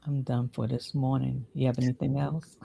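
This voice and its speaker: A woman's voice: rumbling low, little pitch movement, normal speed, vocal fry, a little hiss or hum. A woman co-hosting a devotional chat, answering with short affirmations and closing with words of encouragement. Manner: warm affirming responses, closes the show with encouragement. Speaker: co-host.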